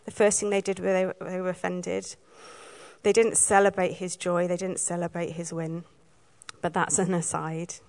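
A woman from Wales giving a sermon, telling the story in a lively way and acting out the lines she quotes. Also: on the low side, moderate pace, vocal fry. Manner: lively storytelling, acts out quoted lines, laughs now and then. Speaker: preacher.

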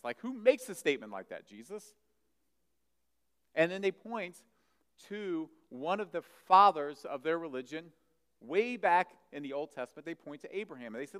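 Guy preaching, gets loud then goes quiet, big echoey church hall. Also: mid-range voice, normal speed. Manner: animated, swings between loud emphasis and soft asides. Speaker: pastor. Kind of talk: sermon. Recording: long hall reverb.

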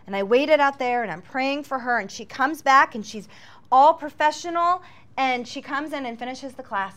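A woman telling her missionary testimony as a dramatic personal story, earnest and often dropping to a hushed voice. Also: high voice, normal speed. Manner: earnest, drops to a hushed voice at tense moments.

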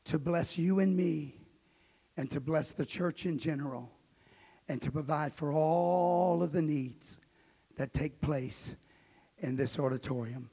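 A man preaching a fiery sermon as pastor in a church auditorium, shouting and slipping into a sing-song cadence. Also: a little high, measured pace, husky.

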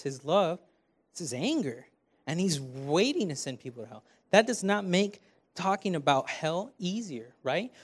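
A young man preaching a conversational sermon from a church stage, talking to the crowd with lots of rhetorical questions. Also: high voice. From Canada. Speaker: preaching student.

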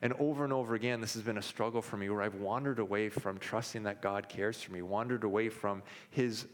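A man in his thirties delivers a sermon in a fairly low voice, sharing candid personal stories with plenty of restarts and fillers. His words ring out with a long reverb, as in a large hall. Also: fairly even intonation, fairly quick. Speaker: pastor.

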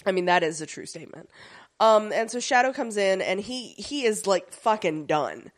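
A woman's voice: medium pitch, moderate pace. Chatty woman retelling a show. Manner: animated storytelling, jumps into voices of characters. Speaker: podcast co-host recapping a TV episode. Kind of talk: casual chat.

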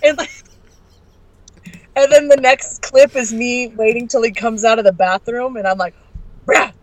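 Give me a woman podcast guest telling a story, brash and profane, animated. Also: a little high, normal speed, dry recording, rough recording. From Arizona.

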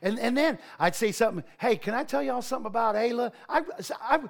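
A man preaching a sermon as pastor, animated, with storytelling asides. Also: very high-pitched, fast, vocal fry.

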